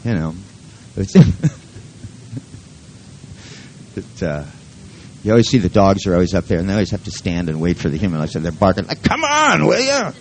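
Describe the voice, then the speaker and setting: A man's voice: deep voice, normal speed, long pauses, mellow, slight background noise, poor audio. A man leading a live workshop who talks in a rambling, joking and profane way. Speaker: seminar leader.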